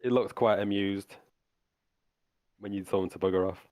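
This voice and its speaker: Man, game master, tabletop game narration, relaxed, halting delivery, low voice, dry. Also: no echo. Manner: relaxed, halting, with many restarts.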